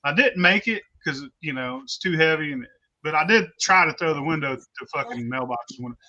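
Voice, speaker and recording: High, bright-voiced man telling blunt stories. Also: a little fast. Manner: blunt, heavy cursing, rambling restarts. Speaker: storyteller on a talk stream. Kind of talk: casual profane storytelling. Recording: dull lo-fi recording.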